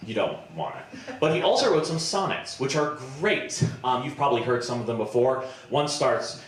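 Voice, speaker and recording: A man performing improvised comedy on stage, chatty and self-deprecating, often pausing with ums. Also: medium pitch, big pitch swings, very echoey. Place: festival stage before a live audience.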